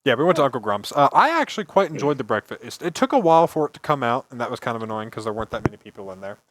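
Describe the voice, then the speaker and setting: Lively young man telling stories. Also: mid-range voice, racing, slight background noise. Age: early 20s. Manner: swears freely, laughs often, rambling. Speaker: podcast host. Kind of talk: casual storytelling chat.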